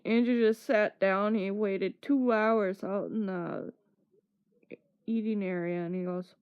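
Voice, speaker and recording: A woman's voice: medium pitch, steady tone, slow pace, smooth. A woman streamer telling a casual story, acting out what people said with laughs between lines. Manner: acts out quotes with laughs. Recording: dull lo-fi stream audio.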